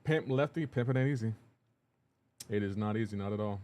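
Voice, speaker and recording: A man's voice: lowish voice, fairly quick, darkish tone. A man streaming live, chatting casually, greeting viewers by name, laughing often. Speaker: streamer reading chat.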